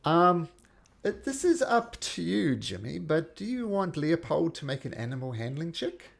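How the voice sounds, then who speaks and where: Calm game-master man. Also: a little high, moderate pace, creaky. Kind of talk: narrating a tabletop game.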